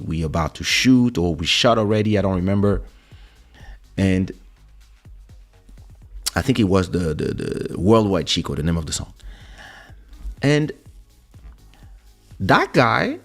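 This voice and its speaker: Slow, lively-voiced man telling a story. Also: fairly low pitch. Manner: animated, laughing, acting out quotes. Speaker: podcast host. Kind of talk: casual storytelling.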